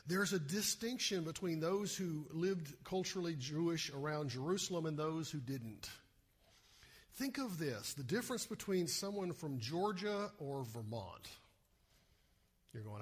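Husky-voiced male pastor preaching. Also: on the high side, moderate pace. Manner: animated, asks the listeners rhetorical questions. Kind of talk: sermon.

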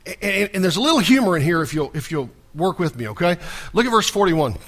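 A man's voice: sits high, very animated, fast, fairly bright tone. A male pastor preaching a sermon in a conversational, folksy way, often restarting and repeating small words.

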